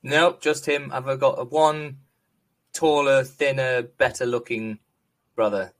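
A man's voice: medium pitch, slow pace. A man with a posh Northern English accent, a GP chatting as a podcast guest, telling stories with self-deprecating humour. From England, born Liverpool, raised Manchester. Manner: lively storytelling, self-deprecating, frequent laughs. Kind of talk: casual podcast chat.

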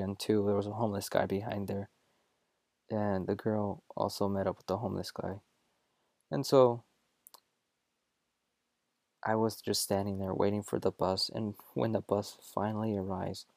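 A young man with a fairly low voice hosts his own show and tells a personal story casually. He jokes, gets animated, and often stops to correct himself. The sound is dry and close, with no room echo. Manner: jokey and animated, with self-corrections. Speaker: show host.

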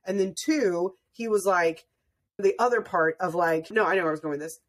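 A woman's voice: lowish voice, a little fast. A woman hosting a podcast, chatting casually and telling stories as a mother, with many filler words. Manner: chatty, storytelling with frequent "like" fillers. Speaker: podcast host. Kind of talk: casual conversational interview.

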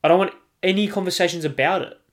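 A man's voice: high-pitched, quick pace. Emphatic Australian man ranting. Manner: emphatic, repeats himself, swears freely. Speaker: podcast host. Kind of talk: solo sports podcast rant.

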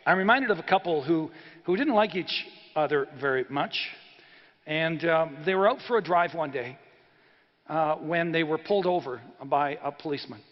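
A man's voice: fairly high pitch, lively intonation, normal speed. A man preaching a sermon in an earnest, conversational way, with frequent hesitations. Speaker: pastor. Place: church sanctuary. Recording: reverberant church hall, dull sound.

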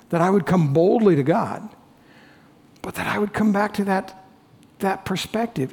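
A male pastor with a high-pitched voice delivers an earnest sermon. He moves between bold, raised emphasis and quiet, reflective passages. A long reverb from the church hall trails each phrase. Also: moderate pace, long pauses, husky. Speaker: lead pastor.

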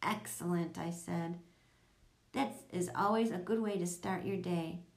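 A woman narrating a children's audiobook, telling it in a lively storytelling manner. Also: unhurried. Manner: lively storytelling, voicing children in higher tones.

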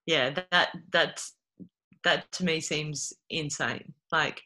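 Australian speaker, bright tone, chatty and easily amused, lots of fillers. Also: mid-range voice, fairly even intonation, slow. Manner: laughs often, rambling with many fillers. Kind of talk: casual podcast chat.

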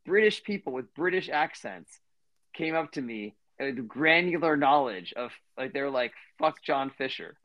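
A man's voice: on the high side, animated, normal speed, dry recording, muffled recording. Rambling man telling a story, dry mic. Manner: rambling, many fillers and restarts. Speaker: podcast co-host. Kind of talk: casual storytelling chat.

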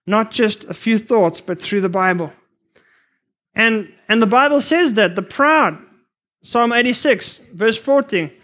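A man preaching a sermon to future missionaries, earnest and emphatic, sometimes rushing his words. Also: sits high, a bit bright. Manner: earnest, emphatic, rushes at times.

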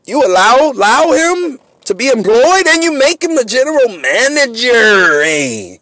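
A man hosting a sports podcast, ranting comically and mockingly, swinging between loud outbursts and low asides. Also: very animated, measured pace, hardly any pauses, dry recording. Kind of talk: comedic sports rant.

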